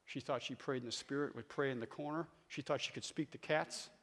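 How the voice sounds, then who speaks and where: A man in his sixties preaching a sermon as a guest speaker, telling stories and calling on the audience, swinging from quiet talk to shouting. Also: medium pitch, a little fast. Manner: storytelling, calls on the audience. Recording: long hall reverb.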